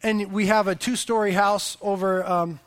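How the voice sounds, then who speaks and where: At normal speed, a high-voiced man in his thirties preaches as a pastor, animatedly sharing family stories and letting his voice swell on key points.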